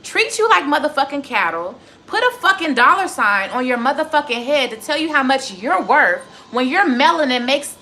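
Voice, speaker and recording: Lively, bright-voiced young woman ranting. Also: sits high, normal speed, hardly any pauses. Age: 20s. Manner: profane, heated ranting to viewers. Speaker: tarot reader streaming live. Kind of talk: casual livestream chat.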